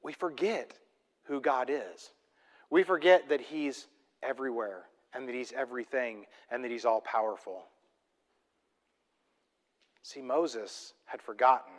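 A man preaching a sermon, emphatic and full of rhetorical questions, swinging between loud and soft. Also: fairly high pitch, big-room sound. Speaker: pastor.

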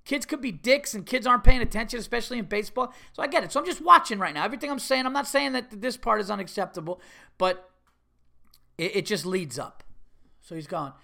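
A middle-aged man hosting a podcast, telling a story in a casual, animated and exasperated way, swearing freely. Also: high voice, fast talker, creaky. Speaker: podcast host.

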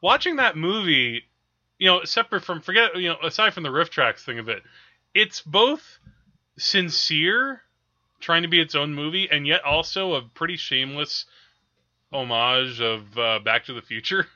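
A man's voice: on the high side, expressive, moderate pace, bright, forceful tone, dull audio. A man co-hosting a podcast, chatting casually about films with frequent laughs and hesitant fillers. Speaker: podcast co-host.

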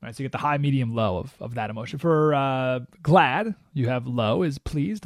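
A man's voice: medium pitch, normal speed, few pauses, no room sound, clean studio sound. A man hosting a radio talk show, giving an emphatic, opinionated monologue and acting out the voices he quotes. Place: radio studio.

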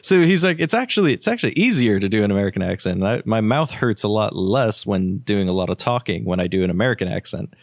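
A man's voice: fairly low pitch, animated, fast talker, vocal fry, few pauses, dry recording, clean studio sound. A man chatting casually, laughing often and swearing easily. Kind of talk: casual chat.

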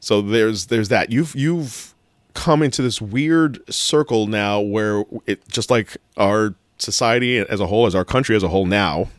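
Guy rambling on a podcast, kinda low voice, swears a lot, really dry sound. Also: moderate pace, no room sound. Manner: rambling, animated, self-correcting, swears casually. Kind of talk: casual chat.

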